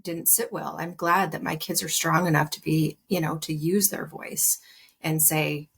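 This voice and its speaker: A woman speaking as a podcast guest, soft and reflective, often hesitating and restarting her sentences. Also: sits low, fairly even intonation, measured pace, vocal fry, husky. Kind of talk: personal conversation.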